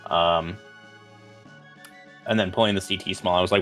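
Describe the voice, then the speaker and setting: A man player recounting his game decisions in casual chat, animated and quoting himself. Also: low-pitched, moderate pace, pauses often, soft background music. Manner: animated storytelling, quotes himself.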